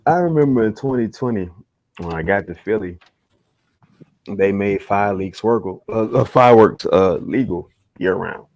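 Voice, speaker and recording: A man's voice: on the low side, animated, moderate pace, a little mellow, dull audio. A young man hosting a casual livestream chat, laid-back, swearing freely and laughing often. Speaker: host.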